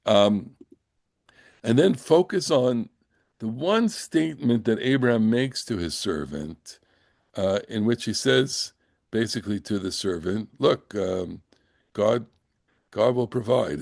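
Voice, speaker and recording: An older man teaches a Torah class in a low voice. He reads Hebrew verses slowly and translates them, then talks around them in a halting way with many fillers and restarts. The sound is dry and close, with no room echo. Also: lively intonation, gravelly, darkish tone. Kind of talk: Bible class lecture with Hebrew reading.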